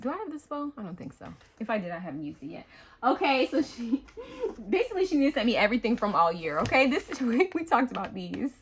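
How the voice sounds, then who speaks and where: Excitable gushing woman, husky. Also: mid-range voice. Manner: gushing, excitable, squeals and gasps, lively. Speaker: craft channel host. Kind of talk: happy mail unboxing vlog.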